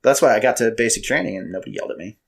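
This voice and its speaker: A man in casual podcast chat, a loud, animated storyteller. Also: on the low side, very fast, gravelly.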